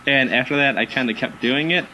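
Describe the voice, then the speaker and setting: A man of ordinary mid pitch tells animated anecdotes in a relaxed chat, sprinkling in fillers and quick laughs. Faint background noise sits under his voice. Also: rough recording. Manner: animated anecdotes with acted quotes, frequent fillers. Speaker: guest, haunted house actor. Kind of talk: casual chat, storytelling.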